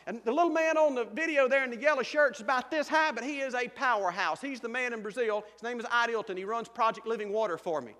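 A man's voice: very high voice, quick pace, few pauses, bright, forceful tone, long reverb tail. A man with a Georgia Southern accent preaching a humorous sermon as a missionary pastor, telling folksy stories and laughing often. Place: church sanctuary.

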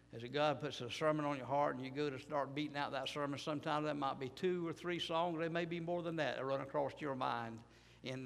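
Folksy gravelly preacher in a church hall. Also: male voice, mid-range voice. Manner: rambling, folksy, self-deprecating, repeats himself. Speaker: pastor. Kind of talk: sermon.

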